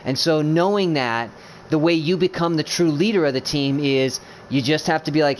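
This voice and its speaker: A man speaks over a casual gaming voice chat, his voice slightly high and carrying a faint hiss behind it. He is blunt and swears freely. He rambles through false starts while earnestly checking that his teammates follow him. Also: normal speed. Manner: rambling, blunt and profane, many restarts; earnest, keeps checking he is understood. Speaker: gamer coaching teammates.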